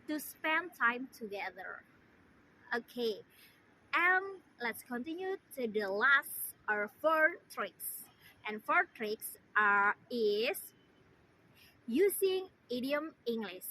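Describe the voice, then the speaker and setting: Young woman doing a class speech, slow and halting, keeps restarting, high bright voice, faint room hum behind. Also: lively intonation, rough recording. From Indonesia. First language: Indonesian. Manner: halting, with frequent restarts and repeated words. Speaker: student giving a speech. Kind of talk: formal prepared speech.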